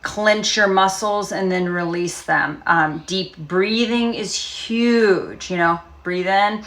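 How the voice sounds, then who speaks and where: A woman speaking as a trauma recovery coach, talking casually and gently with frequent fillers and pauses. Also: medium pitch, slight background noise. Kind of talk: casual self-help talk.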